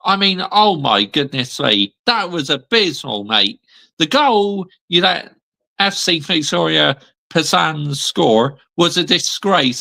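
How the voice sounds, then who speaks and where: Brief: male vlogger, bright gravelly voice, slow and lively, blunt emphatic rant. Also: a little high, poor audio. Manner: blunt, emphatic, repeats "yeah?" and "mate". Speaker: football channel host. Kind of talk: ranting fan vlog.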